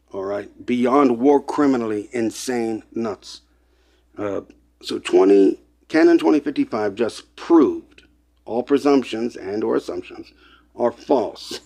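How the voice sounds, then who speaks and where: A man's voice: medium pitch, creaky, darkish tone. A man delivering an impassioned, lecturing monologue, repeating points and getting worked up as he talks to his listeners. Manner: emphatic, repetitive, gets worked up; lecturing, addresses listeners as people. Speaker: online presenter.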